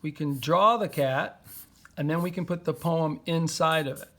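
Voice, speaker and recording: A man's voice: on the high side, moderate pace, fairly bright tone. A man teaching a poetry lesson to young children, patiently sounding out words and syllables.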